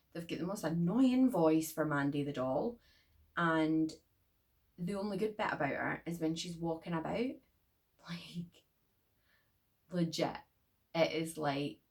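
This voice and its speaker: A woman's voice: sits low, creaky. A young woman reviewing a horror movie in her bedroom, rambling and chatty with lots of filler.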